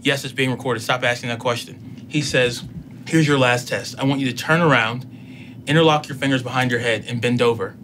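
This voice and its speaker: A man telling a personal story in casual talk, acting out both sides of the dialogue with lively emotion. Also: medium pitch, fairly quick, a little hiss or hum. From United States. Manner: animated retelling, acts out both sides of dialogue. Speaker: podcast guest.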